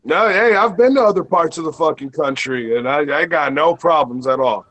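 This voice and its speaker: A man's voice: on the high side, fairly quick, fairly bright tone. A man from the Sonora area of Mexico, arguing heatedly as a podcast guest, taunting and cursing with repeated jabs. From northern Mexico, Sonora area. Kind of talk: heated argument.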